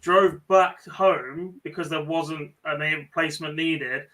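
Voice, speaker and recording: A man with an English accent co-hosting a casual chat, blunt and sarcastic, quick with a dry joke. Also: a little high, steady tone, bright, forceful tone, far from the mic, rough recording. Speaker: podcast co-host. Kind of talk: casual banter.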